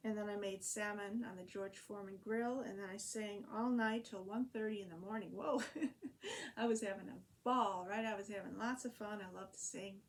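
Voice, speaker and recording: A woman talks through her week in a loose, rambling diary vlog, full of fillers and restarts. Her voice sits at a middle pitch for a woman. A faint background noise runs under the recording. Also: steady tone, a little fast, hardly any pauses. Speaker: vlogger and online French teacher.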